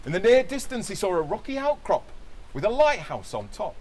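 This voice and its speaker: Lively man reading a comic story. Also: high-pitched, a little fast, slight background noise. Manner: playful, laughing narration. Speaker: podcast host. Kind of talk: reading a comic story aloud to a live audience.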